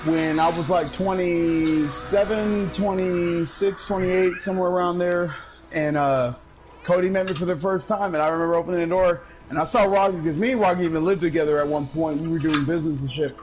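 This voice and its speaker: A male gaming streamer telling a story in casual chat, loud and profane, bursting into laughter, and high while he talks. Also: fairly even intonation, brisk, slight background noise, rough recording. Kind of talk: casual storytelling over gameplay.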